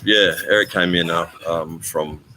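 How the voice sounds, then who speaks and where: This older man has a very deep, low-pitched voice and talks in a loose, meandering way, stopping and restarting often. He sounds like he is on a phone live stream, with plenty of noise behind him. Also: fairly even intonation, bright, forceful tone, rough recording. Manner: rambling, halting, with frequent ums and restarts. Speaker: vlogger hosting a live stream. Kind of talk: casual live-stream chat.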